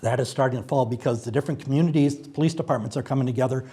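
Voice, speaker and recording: A man answering as a candidate at a forum, earnest and steady. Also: medium pitch, very fast, husky.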